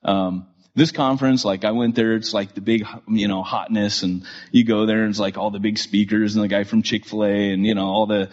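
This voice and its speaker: A male podcast host telling a story in an animated way, with many fillers and restarts. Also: lowish voice, brisk, few pauses, highs cut off.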